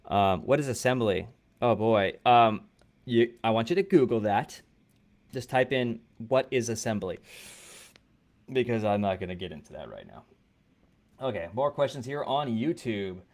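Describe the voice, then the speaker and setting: A man's voice: mid-range voice, lively intonation, normal speed, pauses often, a little mellow. A man hosting a coding livestream, answering viewer questions in a loose, conversational way with blunt advice and plenty of fillers. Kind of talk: casual livestream Q&A, reading chat questions. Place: indoor studio room.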